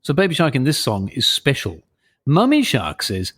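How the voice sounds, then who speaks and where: A man co-hosting a comedy podcast, talking in animated, mock-serious banter and reading lyrics aloud with jokes. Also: mid-range voice, moderate pace, breathy edge. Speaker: podcast co-host.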